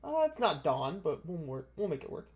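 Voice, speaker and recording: A man's voice: fairly high pitch, very animated, normal speed, a little hiss or hum. A man narrating a tabletop game as game master, in loose, rambling narration with frequent restarts.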